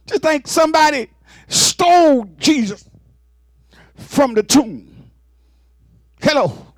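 A male preacher delivering an exclamatory sermon, shouting and whooping between scripture readings. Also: very high-pitched, sing-song, slow pace, pauses often, dry recording, studio quality.

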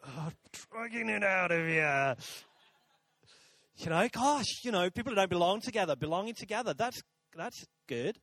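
A man's voice: high-pitched, lively intonation, normal speed, fairly bright tone, no echo. A man preaching a sermon to a congregation in a church, chatty and jokey, talking with the crowd. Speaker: pastor. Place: church auditorium.

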